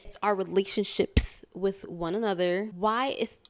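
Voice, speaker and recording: A woman's voice: mid-range voice, fairly even intonation, a little slow. A woman from Connecticut talking earnestly in a casual personal vlog, rambling with lots of fillers and restarts. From Hartford, Connecticut, USA. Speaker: vlogger.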